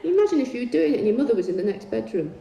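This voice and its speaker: A woman telling bawdy, swearing stories on a concert stage, with deadpan comic asides. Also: a little high, very fast, creaky, background noise. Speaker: poet performing on stage. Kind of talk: live stage storytelling. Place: large concert arena on stage. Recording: echoey arena heard from far off.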